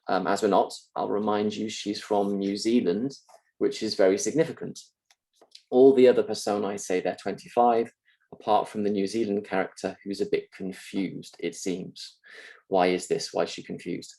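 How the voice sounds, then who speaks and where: Male university lecturer with a low, gravelly voice, steady and clear in his explanations. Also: rough recording. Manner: clear, measured explaining with occasional fillers. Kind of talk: recorded lecture.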